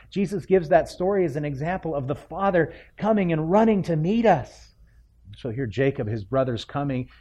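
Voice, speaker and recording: A man's voice: a little high, fairly quick. A man preaching a sermon, retelling the story expressively and acting out the characters' lines. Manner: expressive, acts out biblical characters' voices.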